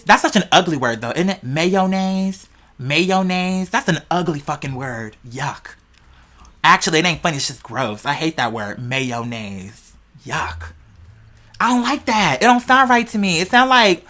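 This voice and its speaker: Stoned vlogger, bright tone, rambling, foul-mouthed, chatty. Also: medium pitch. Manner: rambling, playful, heavily profane, talks straight to viewers. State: high on cannabis. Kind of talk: casual rambling vlog monologue.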